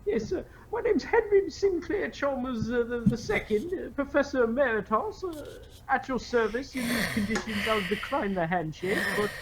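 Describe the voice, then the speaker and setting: A man's voice: extremely high pitch, animated, moderate pace, few pauses, slight background noise, low-quality recording. A man voicing a fussy elderly professor who talks politely and formally, stammering as he goes. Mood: flustered. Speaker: player.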